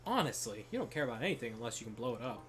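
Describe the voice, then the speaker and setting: A man's voice: medium pitch, very animated, very fast, fairly bright tone. A man voicing a bossy, fussy female alchemy assistant who talks in an exasperated, scolding way, with faint game music behind.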